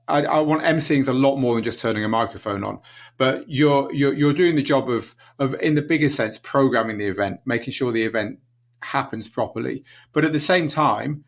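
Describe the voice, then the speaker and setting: A man of middle pitch hosting an interview. He frames long questions thoughtfully, circling and hedging as he searches for the right words. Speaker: interview host. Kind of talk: casual interview.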